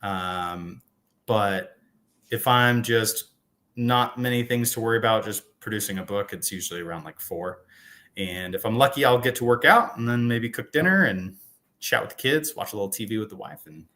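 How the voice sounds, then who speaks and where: A man in his thirties talks casually as a guest author over a video call. His voice sits low but bright and forceful, and he keeps slipping in self-deprecating jokes. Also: moderate pace. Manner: joking, self-deprecating, chatty. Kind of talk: casual interview chat.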